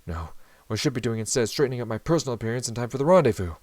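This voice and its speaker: A man's voice: mid-range voice, lively intonation, very fast, a little mellow, no room sound, lightly acted. A man reading aloud the inner monologue of a formal, flustered young male samurai from a visual novel. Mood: fretful.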